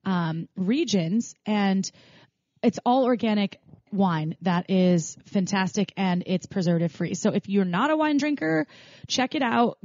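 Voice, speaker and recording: A woman's voice: mid-range voice, lively intonation, a little slow, a little mellow, no room sound. Woman podcast cohost rambling casually, dry dull sound. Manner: chatty, many fillers and restarts. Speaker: podcast co-host.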